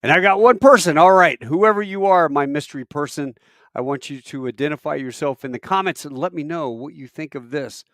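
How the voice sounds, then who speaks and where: A man's voice: on the high side, brisk, a bit bright, no echo. A man who works airline crew, talking casually on a live stream and rambling with fillers as he tells stories. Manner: rambling storyteller with fillers and restarts. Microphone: camera mic on a live stream.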